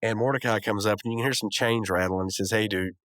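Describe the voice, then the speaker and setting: A man's voice: lowish voice, racing, fairly bright tone, no room sound. A man hosting a podcast, casually recapping a cartoon episode with rambling asides and chuckles. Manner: rambling, chuckling, lots of fillers. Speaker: podcast host.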